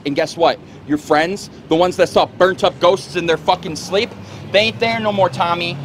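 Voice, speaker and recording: A man's voice: sits high, moderate pace, background noise, natural voice. A man playing a crude, bullying man who swears and threatens, recorded outdoors. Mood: menacing. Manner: profane, threatening.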